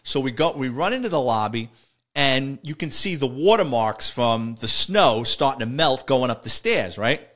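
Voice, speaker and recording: A middle-aged man spins stories from his police days. His pitch sits in the middle of the male range. He rambles, restarts his sentences and chuckles as he goes. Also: lively intonation, normal speed, a bit bright. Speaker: retired police officer. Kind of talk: casual storytelling.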